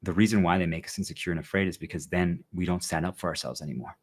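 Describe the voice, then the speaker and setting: A man's voice: low-pitched, rapid-fire, breathy edge. A man talking casually and earnestly to his viewers, rambling and often asking whether they understand. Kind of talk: casual monologue to an audience.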